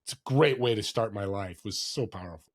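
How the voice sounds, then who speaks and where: A man's voice: on the low side, fast talker, husky. A man in his sixties, a podcast guest, telling stories in an earnest, heartfelt way, now and then acting out other people's lines. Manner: warm, earnest storyteller who acts out quoted voices. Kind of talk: casual storytelling interview.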